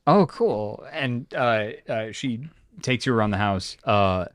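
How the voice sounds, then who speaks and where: A man's voice: fairly low pitch, expressive, slow, no room sound, studio quality. A man running a tabletop role-playing game as storyteller, telling the scene in a loose, rambling way full of fillers. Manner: loose, filler-heavy storytelling with sudden shouted character bits.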